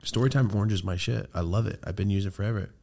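A low-voiced man hosting a casual podcast, rambling through a story with plenty of swearing. He gets animated as the tale builds and keeps it loose and conversational. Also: racing, creaky. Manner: rambling, profane, animated when telling a story. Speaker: podcast host.

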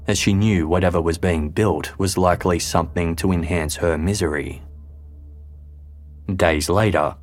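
Deep-voiced man narrating true crime. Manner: measured, grave storytelling. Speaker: podcast host.

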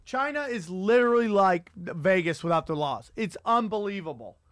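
A man hosting a podcast, telling stories in an animated, profane comedic rant. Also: high voice, normal speed, dry recording, studio quality. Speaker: podcast host.

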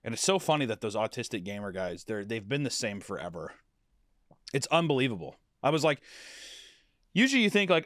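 Young male podcast co-host, lively swooping delivery, dry close sound, jokey and animated. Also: mid-range voice, fast talker, dry recording. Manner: animated, joking, slips into silly put-on voices. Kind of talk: casual chat.

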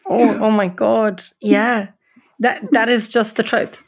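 An Irish woman, a co-author guest in a podcast conversation, speaking earnestly and slowing down on key words. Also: a little high, fairly even intonation, no room sound.

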